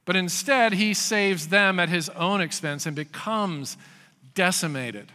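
Bright-voiced preacher in a reverberant hall. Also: male voice, high-pitched, measured pace. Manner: storytelling, shifting from loud acted quotes to hushed emphasis. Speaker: pastor. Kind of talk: sermon.

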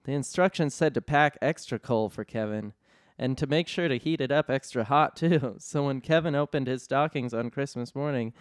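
A man reading an absurd comedy story aloud in a deadpan way, often cracking up. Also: medium pitch, moderate pace, no echo, clean studio sound. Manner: deadpan narration, often breaking into laughter. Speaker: storyteller host.

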